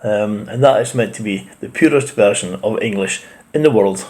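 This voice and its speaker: A man's voice: lowish voice, normal speed, a little mellow. A man with a Scottish accent gives blunt, opinionated casual commentary as a reaction video host, with mild swearing. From Scotland.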